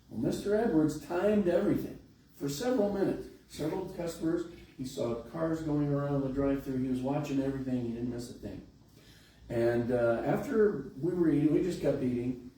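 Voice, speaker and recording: A man's voice: medium pitch, normal speed, dark tone. A middle-aged man pastor telling a folksy, conversational story during a sermon in a large church. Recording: echoey hall, distant mic, faint hiss.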